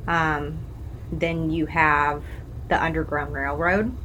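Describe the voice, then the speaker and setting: A woman's voice: low voice, little pitch movement, slow pace, fairly bright tone, slight background noise, low-quality recording. A woman from Illinois co-hosting a podcast, chatty and teasing in casual conversation. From Alton, Illinois. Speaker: podcast co-host. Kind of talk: casual chat.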